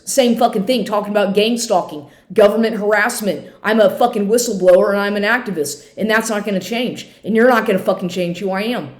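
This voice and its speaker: A woman's voice: mid-range voice, a little fast, hardly any pauses, darkish tone. A woman in her fifties ranting angrily to camera at home, swearing often and restarting her sentences. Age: 50s. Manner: heated, swearing, repetitive restarts. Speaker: vlogger. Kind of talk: angry profane rant to camera. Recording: echoey room.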